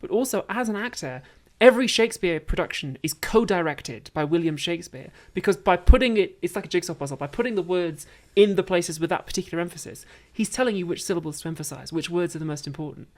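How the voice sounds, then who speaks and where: A woman with a low-pitched voice chatting as a guest on a talk show. She talks in an animated, enthusiastic way, building energy as she explains a point. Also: fast, hardly any pauses. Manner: animated, enthusiastic about theatre. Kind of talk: casual chat.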